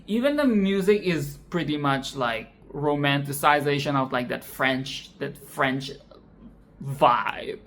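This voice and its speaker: A woman giving casual, expressive film commentary, swearing freely and repeating phrases for emphasis. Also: a bass voice, slow pace, a little hiss or hum.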